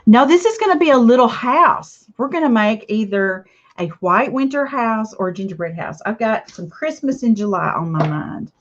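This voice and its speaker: A woman's voice: fairly high pitch, expressive, normal speed, slight background noise. A woman chatting casually to viewers while she makes a craft project, rambling from one thought to the next. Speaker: craft vlogger. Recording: slightly dull lo-fi audio.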